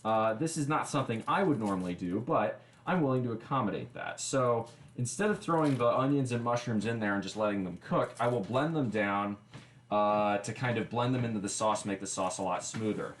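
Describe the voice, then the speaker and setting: Low-voiced man, chatty, echoey kitchen. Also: fairly quick, slight background noise. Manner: chatty, explains as he goes, wry asides. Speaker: livestream host. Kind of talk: casual cooking livestream chat. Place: home kitchen.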